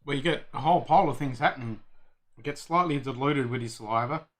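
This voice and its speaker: An Australian man co-hosting a casual whisky tasting, agreeable and quick to chime in. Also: mid-range voice, fairly bright tone. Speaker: whisky show co-host.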